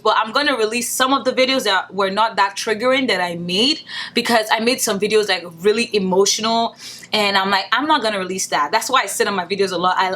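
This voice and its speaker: A young woman from Nigeria talking straight to camera in a casual, profane, animated commentary vlog. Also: medium pitch. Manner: blunt, profane, animated rants with mocking put-on quotes. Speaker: beauty vlogger.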